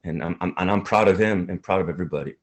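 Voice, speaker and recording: A man, an actor, talking in an interview in an earnest, halting, emotional way. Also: low-pitched.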